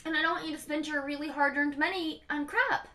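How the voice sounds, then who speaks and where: Bright, chatty middle-aged woman vlogging. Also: high voice, fairly even intonation, a little fast. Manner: chatty, emotional, frank. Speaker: beauty vlogger, mother. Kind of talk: casual rambling vlog. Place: home.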